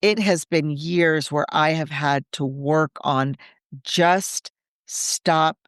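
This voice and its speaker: An earnest woman coaching in a relaxed podcast chat, thinking out loud through lists and questions. Her voice is smooth and resonant, recorded close and dry with no room sound. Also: low voice, slow pace, no room sound. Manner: earnest, reflective, speaks in lists and rhetorical questions. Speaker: Catholic coach and podcast co-host.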